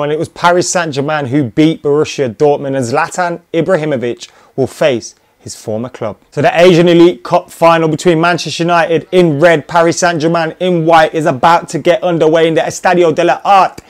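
A young man giving casual commentary while playing a video game, cheering and swearing at the action. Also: on the high side. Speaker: gaming commentator. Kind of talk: casual live gameplay commentary.

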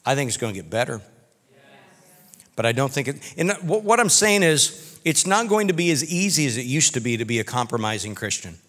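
A man preaching a sermon as pastor, telling folksy stories in an animated way. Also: medium pitch, fairly quick. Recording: reverberant church hall.

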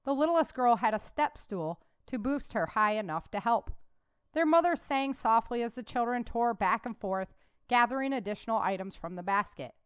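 A woman author reading her own novel aloud in an even, measured way, then talking about the book. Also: on the high side, smooth, dry recording, clean studio sound. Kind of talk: audiobook narration and conversational commentary.

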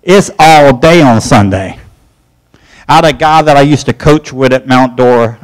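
A man's voice: mid-range voice, moderate pace, rough recording. A man teaching a church Bible study, folksy and emphatic, rising when he presses a point. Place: church classroom.

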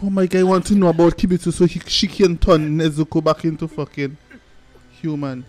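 A man hosting an anime reaction, swearing freely and breaking into shouts and laughter between calmer remarks. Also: on the high side, brisk. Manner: excitable, profane, bursts into shouts and laughter. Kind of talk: live reaction commentary. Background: faint anime soundtrack playing.

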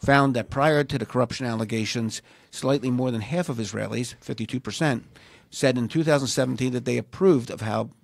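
Gravelly man reading community news. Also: mid-range voice, a little fast, no room sound. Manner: reads news items, jokes and laughs often. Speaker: co-host. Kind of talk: casual news chat.

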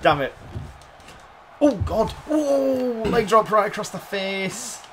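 A man's voice: high voice, animated, takes it slowly. A man commentating a wrestling game he plays, exclaiming and laughing often. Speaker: gaming commentator. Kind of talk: excited let's-play commentary. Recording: game audio noise behind voice.

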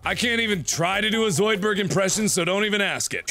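Excitable, high-voiced gaming commentator man. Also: fairly quick, hardly any pauses, soft background music. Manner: excitable, goofy, swears and exclaims often. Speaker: gameplay commentator. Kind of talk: comedic gameplay commentary.

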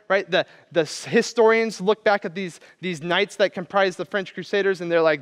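A man preaching from the pulpit with a fairly high voice and lively storytelling energy, slipping into quoted voices as he tells the tale. His voice rings out with a long reverb, as in a large church hall. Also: brisk, hardly any pauses. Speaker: pastor. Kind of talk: sermon.

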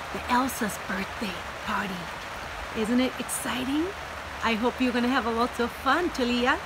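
A woman teaching young children in a sing-song, encouraging way, indoors on a rainy day. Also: fairly high pitch. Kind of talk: sing-along lesson for young kids. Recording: rain noise in background.

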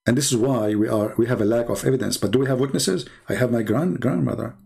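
A man's voice: medium pitch, quick pace, creaky, a little mellow, breathy edge. A man telling a joking, sarcastic story in a rambling way. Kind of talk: mocking storytelling.

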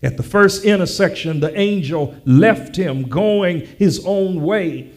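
A male pastor preaching a sermon, teasing his congregation, repeating lines slowly, and building to a shouted preaching cadence. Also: high voice.

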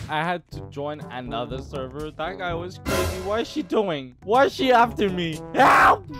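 Giggly, teasing gameplay commentator. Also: mid-range voice. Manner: giggly, teasing, bursts into squeals and barks. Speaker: gaming video creator.

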